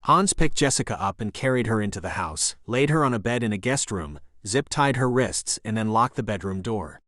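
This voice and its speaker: A man narrating an action thriller audiobook in a steady, even reading voice. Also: fairly low pitch, moderate pace, no room sound, clean studio sound. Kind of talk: scripted narration.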